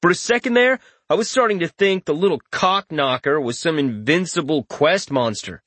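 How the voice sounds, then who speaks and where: A man voicing a brash, bossy male raid leader who talks in a hoarse stage whisper and sounds smug. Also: high voice, fairly quick, a bit bright, no room sound, voice pushed up, full character voice. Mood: smirking.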